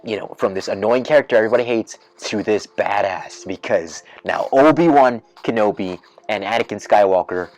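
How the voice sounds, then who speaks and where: A male podcast host goes on a casual rant, rambling with plenty of fillers and restarts and few pauses. His voice is on the low side at normal speed, and he gets excited and loud as he imagines possible twists.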